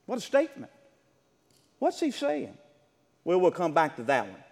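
High, lively preaching man in a reverberant hall. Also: fairly quick, pauses often. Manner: impassioned, rhythmic Bible preaching. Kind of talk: sermon.

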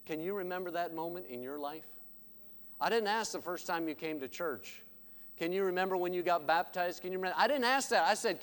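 A man preaching a sermon in church, swinging from loud, driving lines to hushed, slow emphasis. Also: fairly high pitch, in a large hall. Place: church sanctuary.

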